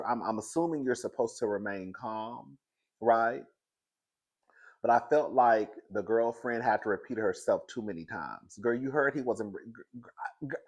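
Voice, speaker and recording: A man hosting a casual pop-culture commentary show, animated and dramatic, calling everyone "girl" and laughing often. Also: medium pitch.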